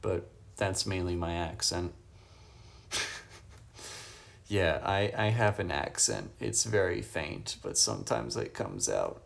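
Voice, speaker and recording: A man's voice: low voice, lively intonation, takes it slowly, creaky, long pauses. A man livestreaming from a hotel room on his phone, casually chatting and reading viewers' questions aloud with frequent chuckles. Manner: laid-back, reads chat questions aloud and chuckles often.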